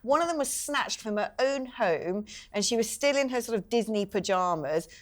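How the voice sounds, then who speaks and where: A woman on a chat panel, telling stories in an animated, exasperated way. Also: fairly high pitch, normal speed. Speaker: panel guest.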